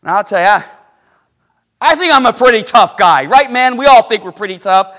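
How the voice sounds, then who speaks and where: A middle-aged man with a notably high voice preaches to his congregation. He tells a story with animated swings between booming excitement and quiet, hushed passages, and stops to put questions to the listeners. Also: moderate pace. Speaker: pastor. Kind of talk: sermon with personal story.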